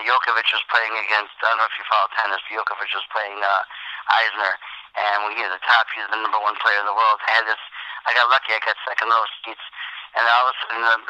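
Bright-voiced comedian telling stories. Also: male voice, fairly low pitch, dry recording, highs cut off. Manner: animated anecdotes, bursts into character voices. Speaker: comedian and impressionist guest. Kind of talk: casual interview storytelling.

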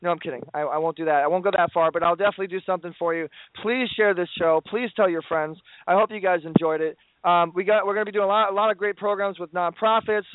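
A man's voice: high voice, fairly even intonation, fast, hardly any pauses, slight background noise. A man hosting a radio talk show, wrapping up with effusive, pleading plugs and playful banter. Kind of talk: excited promotional sign-off. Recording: tinny phone-like line, dry.

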